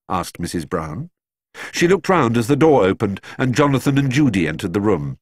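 A man narrating a children's storybook in an expressive, lilting reading voice. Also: low voice, normal speed, no room sound, clean studio sound. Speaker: audiobook narrator.

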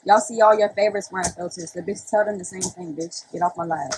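A woman's voice: lowish voice, steady tone, fast, background noise. A young woman ranting casually on a phone livestream, brash and profane, often breaking into laughter.

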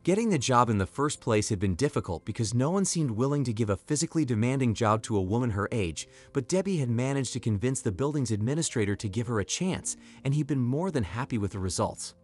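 Lively-pitched male story narrator. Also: fast, few pauses, soft background music.

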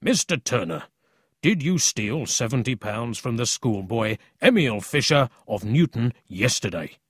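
A man's voice: medium pitch, lively intonation, a little slow, husky, no room sound, clean studio sound. A man voicing a strict police chief who speaks in curt, commanding bursts. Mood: stern.

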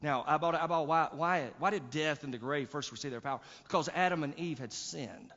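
A man preaching from a church pulpit, his somewhat high voice swelling in emphatic bursts and often repeating words. His sound carries a long hall reverb and a dull, lo-fi quality. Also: fairly quick, a bit bright. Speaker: pastor. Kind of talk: sermon. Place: church sanctuary.

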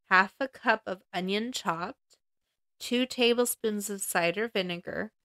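A woman's voice: medium pitch, fairly bright tone, no room sound, studio quality. A woman hosting a home cooking podcast, reading recipe ingredients item by item with chatty asides. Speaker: podcast host.

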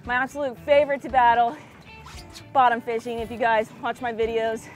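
A young woman vlogging from a fishing boat outdoors, chatting casually and bursting into excited shouts. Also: fairly high pitch, a little fast, soft background music. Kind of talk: casual vlog commentary.

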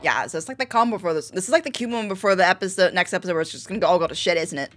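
Excitable young woman reacting to an episode. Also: fairly low pitch, very fast, faint music behind. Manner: excitable, breaks into shrieks and laughter. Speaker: reaction video host. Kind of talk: casual reaction commentary.

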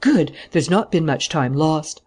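A reader doing a self-assured gentleman thief in an audiobook, ceremonious and mocking. He stays grandly polite while teasing everyone around him. The pitch sits in a middle register. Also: lively intonation, a little slow. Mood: jaunty mocking. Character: jaunty gentleman thief, adult man, supremely confident. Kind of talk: audiobook character voice.

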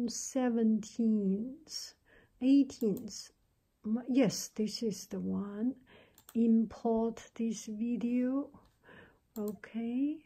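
Seated at her home desk, a woman gives a soft-spoken ASMR tech tutorial, speaking haltingly and slipping into whispers. Her voice is a little high, captured close on a handheld mic with a pop cover.

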